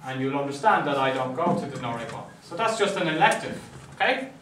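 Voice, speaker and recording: A man's voice: on the high side, big pitch swings, fast, fairly bright tone, slight background noise. A man from Ireland, giving a casual classroom lecture and often checking in with the students. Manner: conversational, checks in with "right?" often. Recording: echoey classroom, mic at a distance.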